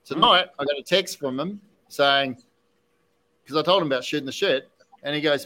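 A man hosting a podcast, telling an animated story casually with many restarts and asides. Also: fairly high pitch, normal speed, rough recording. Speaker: podcast host, whiskey distiller.

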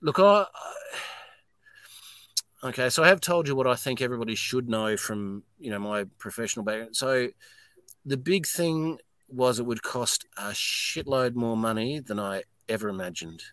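A smooth, medium-pitched voice at a moderate pace, recorded dry, belongs to a middle-aged Australian distillery owner. As a guest in a casual podcast interview, he tells lively stories bluntly, swearing as he goes.

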